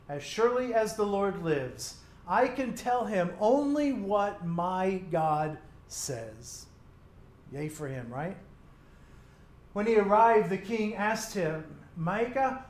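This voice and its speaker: A man preaching a sermon, retelling a scripture story and acting out the quotes with lively asides. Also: high-pitched, roomy sound.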